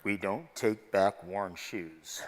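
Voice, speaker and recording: A man voicing a stubborn young male store manager who turns customers away in a slow, deep, flat voice, heard in a big echoing hall. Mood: dismissive. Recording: long reverb of a large hall.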